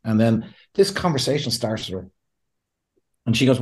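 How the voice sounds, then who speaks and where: A man's voice: medium pitch, animated, brisk, darkish tone. A man with an Irish accent, a pastor and counselor speaking as a podcast guest in a laid-back, sincere way, acting out the voices of the people he quotes. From Ireland. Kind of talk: conversational interview.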